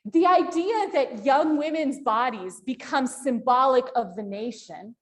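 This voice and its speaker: A woman lecturing at a university panel, asking the audience questions as she goes. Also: a little high. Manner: animated, asks the audience questions.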